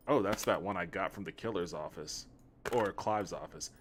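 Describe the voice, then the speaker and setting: A man's voice: on the low side, normal speed, fairly bright tone. A man streaming a game from home, chatting casually and joking with chat. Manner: rambling, joking. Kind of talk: casual let's-play chat.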